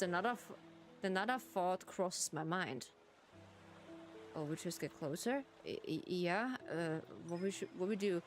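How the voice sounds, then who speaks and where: A woman streamer with German as her first language, reading game text aloud and chatting while she plays, giggling and restarting words. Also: medium pitch. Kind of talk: live game playthrough commentary.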